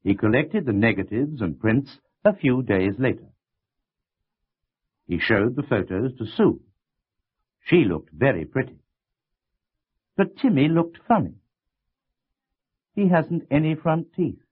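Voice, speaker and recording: Male narrator, language lesson, slow, deliberate reading, husky voice, tinny sound. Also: medium pitch, sing-song. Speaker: course narrator. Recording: tinny lo-fi tape.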